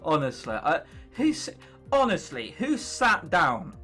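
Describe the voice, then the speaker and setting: Young male let's player, high bright voice, sarcastic and fed up, curses a lot, soft music underneath. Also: wildly swooping pitch, unhurried. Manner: exasperated ranting with frequent swearing. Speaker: video game let's player. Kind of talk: gameplay commentary.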